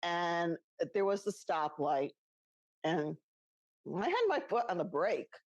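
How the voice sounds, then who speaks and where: A woman's voice: lowish voice, lively intonation, takes it slowly, a little mellow, no room sound, lo-fi sound. A middle-aged woman co-hosting a podcast, telling personal stories in a chatty way, laughing as she goes and acting out the voices she quotes. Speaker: podcast co-host. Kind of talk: casual storytelling chat.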